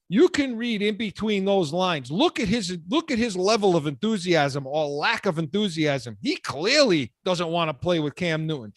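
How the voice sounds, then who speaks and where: A man's voice: high-pitched, no echo. A man hosting sports talk radio, ranting with heat and repeating words as he gets worked up.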